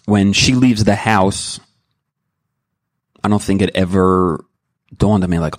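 Earnest low-voiced man sharing his story. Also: takes it slowly, pauses often, no room sound, clean studio sound. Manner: earnest and rambling, with many restarts; emotional and candid. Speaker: member sharing at a recovery meeting. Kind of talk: personal testimony.

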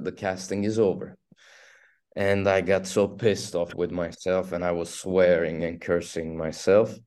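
A man from Turkey with a Turkish accent, an actor telling stories in an interview, halting and restarting as he goes. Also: deep voice. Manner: halting, restarts often, animated storytelling. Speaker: actor guest. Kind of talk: casual interview storytelling.

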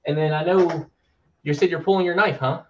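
A man narrating as game master in a relaxed way, with lots of fillers. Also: on the high side, fairly quick, highs cut off, slight background noise.

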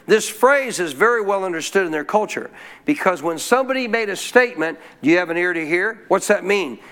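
A man's voice: high-pitched, expressive, brisk, fairly bright tone. A man preaching a sermon as pastor, who keeps calling out questions to the congregation. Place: church.

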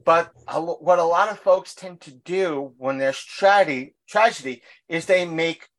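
A man with a fairly high voice talks in loose podcast chat. He rambles through his stories with fillers and restarts and doesn't soften his language. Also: normal speed. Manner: crude, blunt language. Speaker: podcast co-host. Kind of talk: casual chat.

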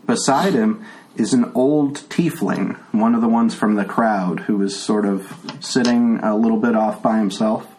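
A man narrating as game master in a relaxed, chatty way. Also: lowish voice, unhurried, low-quality recording.

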